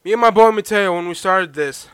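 A young man from Oklahoma hosting his own podcast at home, telling a rambling, animated story in casual chat and breaking off to scold his dog. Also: high voice, fairly quick, clean tone, dry recording. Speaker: podcast host.

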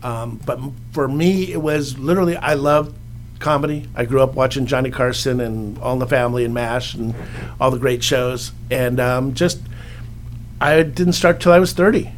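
A middle-aged television writer from Los Angeles guests on a podcast in a casual interview chat, telling easygoing stories and acting out quotes. His voice is medium in pitch at a moderate pace, with slight background noise.

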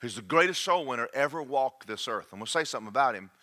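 A man's voice: medium pitch, fast. A man preaching a sermon to a congregation, joking and checking in with the room. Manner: animated, jokey, checks in with the congregation.

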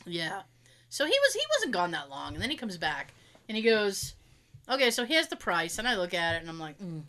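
Bright, lively woman telling a story. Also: on the low side, a little fast. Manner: animated, swears freely, acts out others' lines. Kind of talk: casual storytelling chat.

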